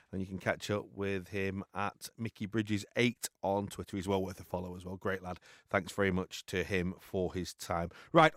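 A man's voice: lowish voice, fairly bright tone, no echo, studio quality. A man from England hosting a radio football show, chatting casually and calling his guest pal. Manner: friendly, calls guest pal. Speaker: radio host. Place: radio studio.

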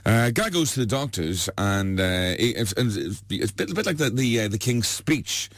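A man's voice: fairly low pitch, sing-song, moderate pace, no room sound. A man telling long jokes, passed off as true stories, in a rambling way full of fillers. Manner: rambling, filler-heavy, chuckling. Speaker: joke teller.

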